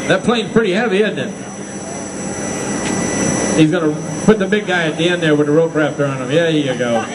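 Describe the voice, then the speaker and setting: A man working as an event announcer, coaching a crowd with loud countdowns and rapid repeated commands, outdoors on an airport tarmac. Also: a little high, very noisy.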